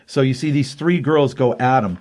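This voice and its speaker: A man's voice: mid-range voice, moderate pace. A man co-hosting a comic book podcast, retelling a story in casual chat and acting out the quotes. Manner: animated retelling with acted quotes.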